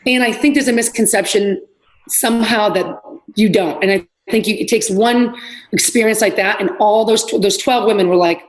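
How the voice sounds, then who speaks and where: A middle-aged woman, a fitness trainer, telling lively stories in a casual podcast chat and acting out what people said. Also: mid-range voice, normal speed, poor audio. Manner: animated storyteller, acts out quotes.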